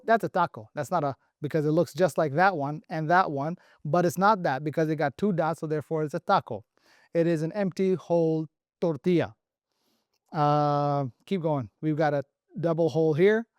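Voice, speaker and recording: Male online teacher, upbeat and jokey, higher-pitched, dry close sound. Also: a little mellow, smooth, no echo. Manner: playful, joking, thinking aloud. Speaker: Arabic letter teacher. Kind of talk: casual online lesson.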